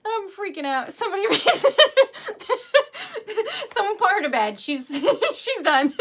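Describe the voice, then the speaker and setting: A woman's voice: very high voice, big pitch swings, slow, a bit bright, a little hiss or hum. A woman streaming live and chatting casually, flustered and giggly, laughing through tears and often trailing off mid-sentence.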